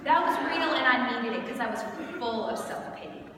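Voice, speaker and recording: A woman in her thirties giving a candid, animated storytelling sermon at a conference, often laughing as she talks. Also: a little high, fairly quick, over a noisy crowd. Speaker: conference speaker. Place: large conference hall. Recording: echoey hall from far off, noisy.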